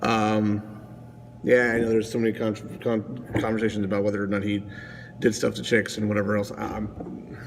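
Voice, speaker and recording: A man's voice: lowish voice, level tone, moderate pace, creaky, in a large hall, a little hiss or hum. A man rambling casually to camera as a vlogger, digressive and self-mocking.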